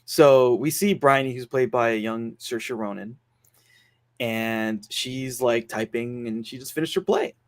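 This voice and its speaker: A man's voice: medium pitch, a little slow. Rambling man recapping a film plot. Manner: rambling, filler-heavy plot retelling. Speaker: podcast host reviewing a film. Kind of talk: casual podcast chat.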